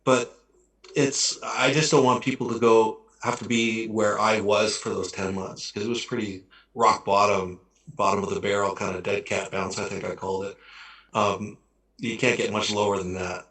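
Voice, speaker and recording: A man's voice: lowish voice, level tone, normal speed, fairly bright tone. A man, an actor guest, talking in a casual chat, reflective and rambling, often restarting his sentences. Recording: echoey room.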